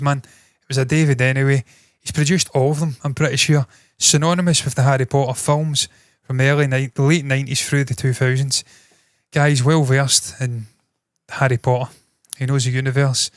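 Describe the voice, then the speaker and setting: A man hosting entertainment news, talking bluntly and swearing often as he riffs on his opinions. His voice sits at an ordinary, mid-range pitch. The sound is close and dry, with no room echo. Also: steady tone, a little fast. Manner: blunt, swears freely, thinks aloud with restarts. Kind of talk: casual opinionated commentary.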